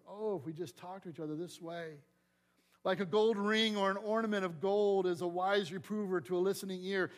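With lively energy and a fairly high voice, a middle-aged man delivers a sermon as pastor. He swings between loud, forceful emphasis and hushed, quiet asides.

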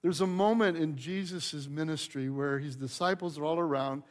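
A male pastor preaching a sermon in a church, telling the story in a lively way and putting questions to the congregation. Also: on the high side, normal speed. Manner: animated storyteller, acts out quotes, asks the congregation questions.

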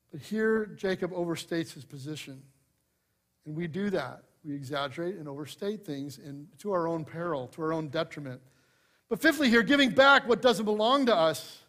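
A man delivers a sermon in a fairly high voice. He leans hard into key phrases, then drops to quiet, confiding asides. His humor stays light and conversational. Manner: expressive preaching, swings from loud emphasis to hushed asides. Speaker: pastor.

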